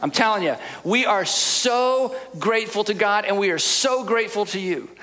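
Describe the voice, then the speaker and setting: A man's voice: high-pitched, lively intonation, moderate pace, pushed and bright. A middle-aged male pastor giving a heartfelt sermon, telling stories with earnest repetition and growing emotional at moments. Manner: earnest, storytelling, repeats "I'm telling you". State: emotional, choked up at times.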